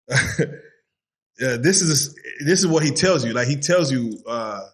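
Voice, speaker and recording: A male host prompting his guest to tell the story again, halting with fillers. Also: mid-range voice, lively intonation.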